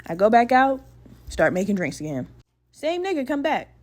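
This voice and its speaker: A woman in her twenties hosting her own podcast, telling a story in a lively, profane, laughing way and acting out the quotes. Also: sits high, brisk. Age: 20s. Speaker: podcast host. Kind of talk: casual storytelling monologue.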